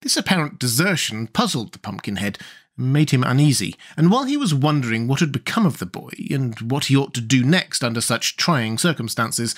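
A man reading a children's fantasy storybook aloud as an audiobook narrator, measured and expressive. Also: medium pitch.

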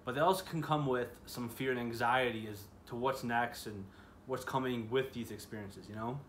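A man's voice: mid-range voice, moderate pace, a bit bright, a little hiss or hum. Earnest young man, casual devotional talk. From Chicago area, US. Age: 20s. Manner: earnest, chatty, full of "you know" and "like". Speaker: youth ministry speaker.

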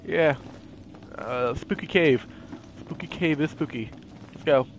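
A young man giving excitable, jokey commentary while playing a video game. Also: fairly high pitch, slow pace, a little hiss or hum. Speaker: gaming YouTuber. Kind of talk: casual gameplay commentary.

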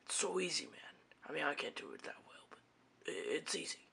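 A performer voicing a sarcastic male Boo ghost in a whispered role-play, with a raspy, creaky whisper. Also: mid-range voice, steady tone, brisk, sharp tone, slight background noise. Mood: scoffing. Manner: sarcastic and mocking. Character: scoffing male Boo ghost, a dry mocker.

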